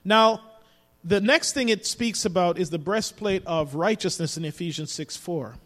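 High-voiced male preacher in a reverberant hall. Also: normal speed, fairly bright tone. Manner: preaching with rising emphasis and repetition. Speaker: pastor. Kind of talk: sermon. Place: church sanctuary.

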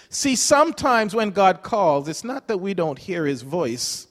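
High-voiced man preaching a chatty sermon. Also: very animated, measured pace, hardly any pauses. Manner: storytelling, chuckles often. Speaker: pastor. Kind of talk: conversational sermon. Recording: long hall reverb.

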